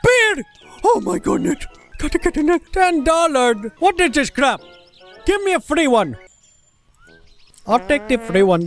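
A high-voiced game commentator whose pitch leaps all over as they gasp and shout. The delivery is excitable and comic, with faint music playing underneath. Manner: excitable, gasping and exclaiming. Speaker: gameplay commentator. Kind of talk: comedic gameplay commentary.

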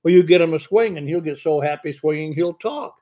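A man's voice: a little high, brisk, warm tone, natural voice. A man quoting a reassuring male pet store owner in a joke, in near his own voice.

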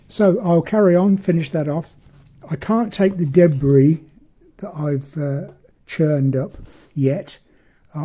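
A man's voice: fairly high pitch, warm tone, slightly rough. A man giving a casual hands-on model-making tutorial, rambling and self-deprecating as he works.

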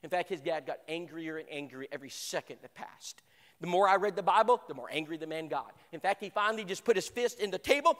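A man teaching a church Bible lesson through an animated personal story, acting out voices and stammering over repeated words. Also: sits high, fast. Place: church hall. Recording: long hall reverb.

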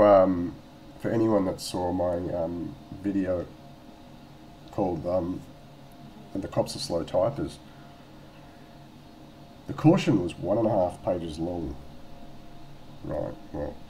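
A man's voice: low-pitched, expressive, unhurried, pauses often, dark tone, slight background noise, poor audio. An Australian man telling a story casually in a vlog at home, rambling and swearing, with lots of fillers and restarts. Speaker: vlogger.

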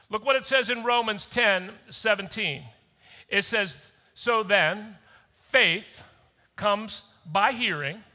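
Male pastor, high sharp voice, urgent preaching, long reverb of a church hall. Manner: urgent preacher, rising to shouts. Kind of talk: sermon. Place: church auditorium.

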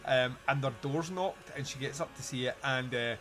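A man's voice: medium pitch, normal speed, a bit bright. A man hosting a podcast, recapping a movie scene in a rambling way and laughing often as he goes. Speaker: podcast host. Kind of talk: casual film review chat.

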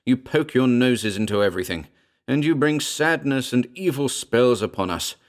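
A man's voice: mid-range voice, animated, moderate pace, voice pushed up, lightly acted. A man playing a bitter, brooding man in an audio horror story, speaking tensely to an unseen presence. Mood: defiant. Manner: agitated, rising to anger.

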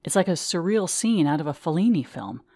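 A woman reading her own memoir aloud in measured, vivid first-person storytelling. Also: lowish voice, animated, warm tone, no room sound, studio quality.

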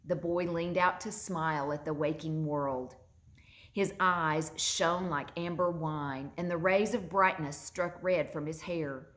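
A woman reading a children's story aloud with gentle expression. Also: on the low side. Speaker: narrator.

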